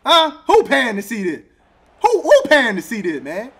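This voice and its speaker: A man commenting on his own football video game as he plays, excitable and trash-talking, often breaking into laughter. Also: very high voice, moderate pace. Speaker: gaming YouTuber. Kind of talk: live gameplay commentary.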